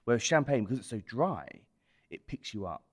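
A man explaining wine in a relaxed, descriptive way during a casual podcast chat. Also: medium pitch, fairly quick. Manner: expansive, descriptive about wine. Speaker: wine expert guest.

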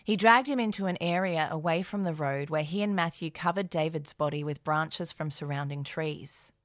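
A woman's voice: sits low, normal speed, no echo. A woman co-hosting a true crime podcast, reading narration and adding dry, sardonic asides. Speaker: podcast co-host.

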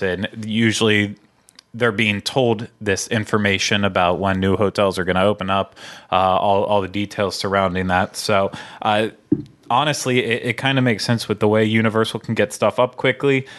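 A man with a low-pitched voice hosts a relaxed podcast. He rambles through the news with easy fillers and restarts. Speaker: podcast host. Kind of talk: casual chat.

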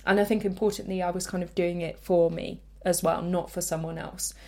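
A woman's voice: lowish voice, steady tone, brisk, warm tone. A young woman hosting a podcast, telling her own story in a candid, reflective way with self-deprecating laughs. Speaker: podcast host. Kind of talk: personal storytelling.

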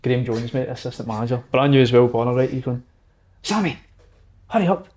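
A man telling a relaxed, chatty anecdote. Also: medium pitch, racing. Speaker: guest telling a story. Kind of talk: casual anecdote.

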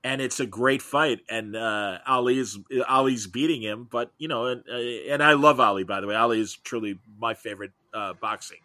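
A middle-aged man talks as a guest in a relaxed interview. He rambles through long stories with real enthusiasm, and his voice sounds bright and lively. The sound is close and dry, with no room around it. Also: medium pitch, normal speed, few pauses, no room sound. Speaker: guest, comics podcaster. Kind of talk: casual interview chat.

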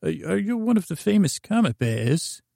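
A man's voice: sits high, normal speed, gravelly, no echo, studio quality, pitched above the performer's own voice, full character voice. A man voicing a bumbling, chatty old male traveling storyteller who rambles and keeps interrupting himself. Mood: excitable. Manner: rambling, excitable, self-interrupting.

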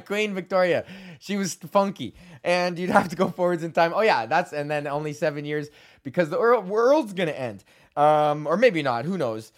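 A man's voice: on the high side, expressive, normal speed. A young man from Canada hosting his own podcast, rambling casually while stoned, swearing a lot and laughing often. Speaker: podcast host.

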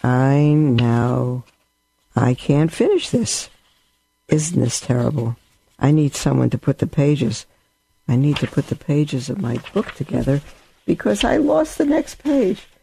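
Man rambling thru a spiritual talk, gravelly mellow voice, dry sound. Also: on the high side, very animated, a little slow, no room sound. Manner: storytelling, warm and rambling with asides. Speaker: religious teacher.

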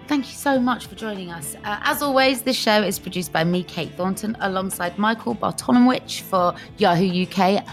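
A woman hosts an interview podcast over a video call. She speaks expressively and with emphasis, and faint music plays softly behind her. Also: medium pitch, normal speed, few pauses. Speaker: podcast host. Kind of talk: warm interview hosting.

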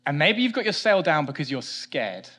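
Man, pastor, sermon, animated delivery, loud then quiet, self-mocking humour. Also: fairly high pitch, normal speed. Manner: animated preaching, rising loud for emphasis then dropping soft.

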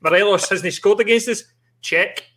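Co-host, high bright voice, sweary laughing banter. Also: male voice, a little fast. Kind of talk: casual podcast chat.

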